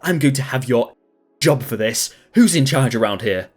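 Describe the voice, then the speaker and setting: A man reading a story aloud, voicing an angry, entitled woman customer who shouts demands. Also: mid-range voice, animated, normal speed, faint music behind, lightly acted. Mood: furious. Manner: indignant, shouting accusations.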